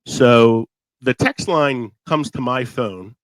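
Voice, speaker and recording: A man's voice: mid-range voice, slow, no room sound, poor audio. A talkative man hosting a casual podcast chat, laughing often, with a sore throat and a voice that is wearing out. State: sore throat, losing his voice. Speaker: podcast host.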